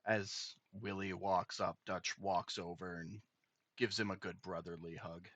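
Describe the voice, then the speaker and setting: A man narrating a tabletop game as game master, relaxed and descriptive with filler pauses. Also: low voice, no room sound.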